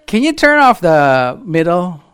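Middle-aged guy pastor giving a sermon, high voice that jumps all over, keeps asking the crowd questions. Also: unhurried, clear, resonant tone. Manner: animated, asks the congregation rhetorical questions. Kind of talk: sermon with a children's illustration.

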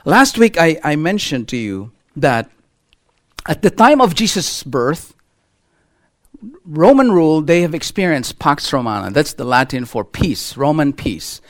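A middle-aged male pastor preaching a sermon to his church, animated and full of rhetorical questions to the congregation. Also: a little high, a little slow. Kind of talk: sermon with a children's illustration.

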